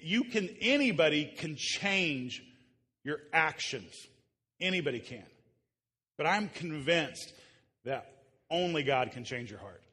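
A man's voice: a little high, lively intonation, slow, pauses often, bright, forceful tone, breathy edge, long reverb tail. A man preaching a conversational sermon to a live congregation in a church. He is a pastor who jokes casually with the room and often restarts his sentences. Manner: casual, joking, with frequent restarts.

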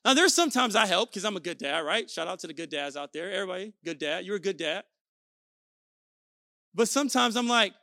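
A young adult man preaching an energetic sermon, telling stories with playful asides. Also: high voice, brisk, no echo, studio quality. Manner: animated storytelling with playful asides. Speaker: pastor.

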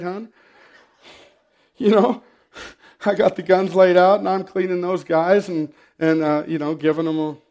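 A middle-aged pastor preaches to his congregation, telling a personal story in a plain, conversational way. His voice sits high for a man, and he breaks up his sentences by clearing his throat and dropping in dry, wry humor. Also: a little mellow. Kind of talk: sermon.

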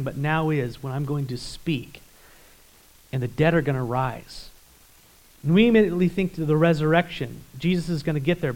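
A male pastor preaching a sermon, emphatic, swinging between loud urgency and quiet intensity, and putting rhetorical questions to the congregation. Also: medium pitch, rough recording.

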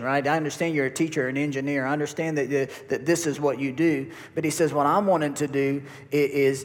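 A man, preaching a folksy sermon to his congregation and repeating words as he goes. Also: a little high. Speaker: pastor. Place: church hall. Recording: long reverb of a church hall.

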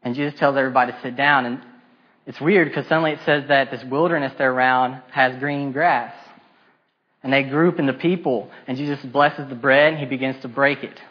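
In a lo-fi recording, a man with a medium-pitched, fairly quick voice preaches a sermon retelling a Bible story. He tells it animatedly, acting out the disciples' complaints, with casual modern asides and repetition.

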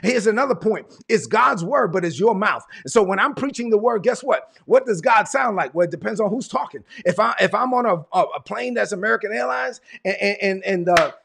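A man's voice: sits high, lively intonation, a little fast, vocal fry, hardly any pauses, a bit bright, slightly rough. A man from Brooklyn, preaching a sermon with emphatic, repetitive cadence. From Brooklyn, New York. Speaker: pastor.

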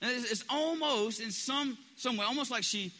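A man with a high, very bright, forceful voice preaches a sermon, talking it through casually and stumbling over restarts. He slips into the voices of the people he quotes. Long reverb trails behind every word, as in a large hall. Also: moderate pace. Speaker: pastor.

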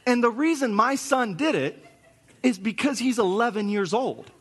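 Man, forties, pastor, sermon, high voice, earnest, conversational. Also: expressive, moderate pace, husky. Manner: earnest, conversational preaching with storytelling asides.

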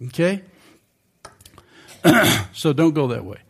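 A man's voice: a little high, very animated, slow, vocal fry, slightly rough. An older man preaching a sermon in a conversational way, often asking the congregation questions.

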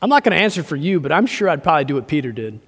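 A man preaches to his congregation in an earnest, repetitive way, circling back and restarting as he presses his point. His voice sits high for a man, and it rings out with a long reverb in a church sanctuary. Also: sing-song, racing, fairly bright tone, breathy edge. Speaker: pastor. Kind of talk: sermon.

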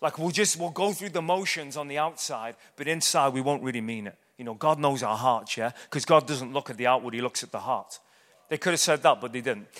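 A man's voice: medium pitch, fairly quick, a bit bright. A man preaching a sermon in a conversational way, often checking in with his listeners with short tag questions. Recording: echoey hall.

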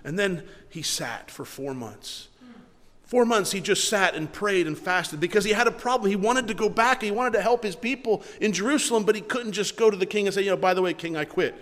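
A man's voice: high voice, fairly quick, a bit bright. A man preaching a sermon as pastor, talking in a conversational way with frequent restarts, in a church hall.

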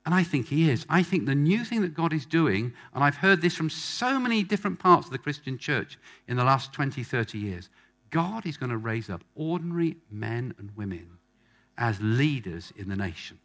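A man's voice: medium pitch, big pitch swings, normal speed, fairly bright tone. A man preaching a sermon to a congregation in front of him, emphatic and fond of repeating phrases for effect. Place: church hall with a live congregation.

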